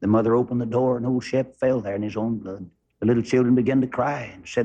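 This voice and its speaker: Folksy preacher telling a story. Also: male voice, fairly quick. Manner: folksy storytelling, drops low and soft for quoted lines. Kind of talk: sermon illustration. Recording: muffled lo-fi recording.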